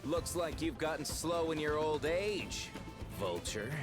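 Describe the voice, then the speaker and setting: A cocky young gunslinger in a video game. His delivery swings up and down with brash confidence. Soft game music plays under him. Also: on the high side, animated, unhurried. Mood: firm. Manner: brash, taunting.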